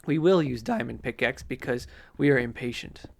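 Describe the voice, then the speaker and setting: A man's voice: medium pitch, lively intonation, normal speed, gravelly. A man giving casual gameplay commentary, rambling to himself with mock outrage.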